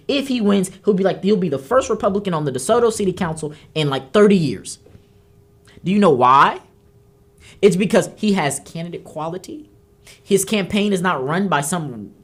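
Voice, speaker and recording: A woman's voice: fairly low pitch, husky. A woman hosting a political talk show, delivering heated commentary and scolding emphatically. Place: studio.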